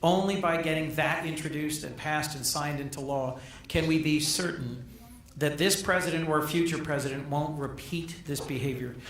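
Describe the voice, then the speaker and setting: A middle-aged man, a senator, giving a formal speech at a gala, measured and emphatic, often repeating phrases for weight. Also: on the high side, steady tone, a bit bright. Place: large banquet hall. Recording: echoey hall, captured from a distance.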